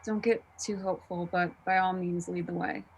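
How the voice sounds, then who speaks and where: A woman playing a tabletop role-playing game in casual, quiet, subdued speech. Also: on the low side, fairly even intonation, normal speed, a little hiss or hum, low-quality recording. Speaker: player.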